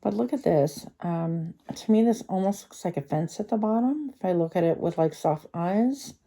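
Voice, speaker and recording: A woman with a fairly low, warm voice gives a pick-a-card tarot reading at a moderate, animated pace. She's chatty and rambling, thinking aloud with lots of fillers, and a retainer slightly slurs her speech.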